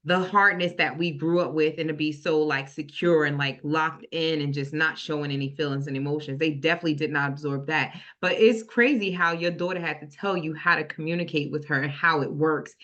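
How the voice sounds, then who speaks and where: A middle-aged woman hosts a casual podcast chat in a lowish voice. She tells personal stories and acts out the people in them. The recording sounds dull and lo-fi. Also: fairly quick, hardly any pauses. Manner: storytelling, animated when quoting her son. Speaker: podcast host. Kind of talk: casual discussion.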